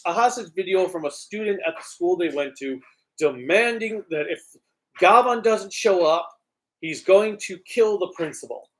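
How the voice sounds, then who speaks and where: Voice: mid-range voice, expressive, moderate pace. A co-host in casual chat, critical and insistent about a TV show's writing. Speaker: podcast co-host.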